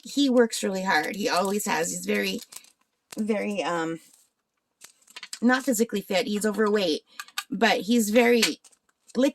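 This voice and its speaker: With a mid-range voice and slight background noise, a crafting channel host in her forties from northern Ontario, Canada, talks as she works on a craft. She's chatty and rambling, quizzes her viewers, and keeps hiccuping.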